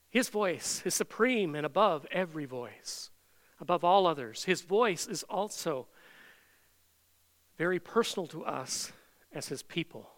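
A middle-aged man from Canada preaching a sermon in a high voice. His tone is bright and forceful as he builds earnestly to loud peaks. Then he drops to hushed, intimate passages. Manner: earnest preaching, swings from loud proclaiming to soft intimate tones. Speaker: pastor.

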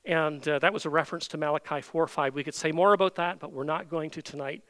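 Male pastor, emphatic sermon delivery, bright forceful tone. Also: fairly high pitch, steady tone, fast, no echo. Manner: emphatic preaching with rhetorical questions.

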